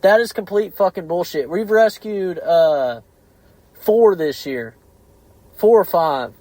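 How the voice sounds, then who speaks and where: A man's voice: sits high, lively intonation, slow pace, dark tone, no echo, poor audio. Blunt, foul-mouthed man. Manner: heavy swearing, heated and blunt. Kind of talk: casual podcast chat.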